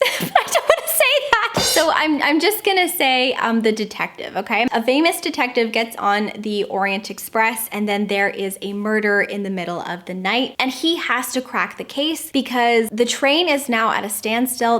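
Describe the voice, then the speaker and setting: Bubbly American woman recommending books. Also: a little high. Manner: bubbly and enthusiastic, stretches words for emphasis. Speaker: book reviewer. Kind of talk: casual book recommendations.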